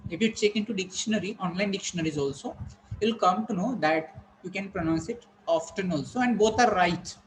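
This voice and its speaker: Teacher drilling pronunciation. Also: male voice, high voice, a little fast, a little hiss or hum, low-quality recording. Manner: repetitive, drilling questions at students. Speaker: English teacher. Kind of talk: online pronunciation lesson.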